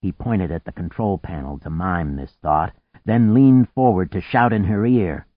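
A man narrating a story in a vivid, expressive reading. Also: low-pitched, moderate pace, no room sound, phone-quality sound. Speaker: audiobook narrator. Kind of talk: scripted narration.

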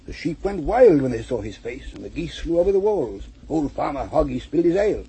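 A man's voice: a little high, big pitch swings, fairly quick, dark tone, breathy edge, low-quality recording. A man reading a rhymed storybook poem aloud in a rhythmic, lilting recital. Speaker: reader. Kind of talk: poetry reading.

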